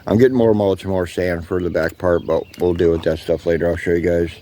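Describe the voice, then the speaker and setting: Outdoors in his yard, a man chats casually to camera for his vlog, relaxed and rambling, with lots of ums and calling his viewers guys. He has a deep voice and talks fast. A little hiss or hum is audible.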